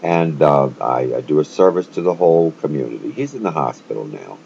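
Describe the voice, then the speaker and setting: A man's voice: very deep voice, very animated, fairly quick, vocal fry, few pauses, dark tone. A man telling a rambling, stammering monologue, repeating himself as he goes. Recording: muffled lo-fi with faint room noise.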